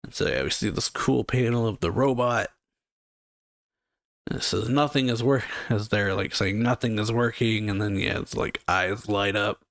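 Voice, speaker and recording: A man's voice: lowish voice, fairly even intonation, normal speed, gravelly, a bit bright, dry recording, clean studio sound. A man casually retelling a comic chapter as a reaction host, loose and rambling with many fillers. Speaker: manga reaction YouTuber.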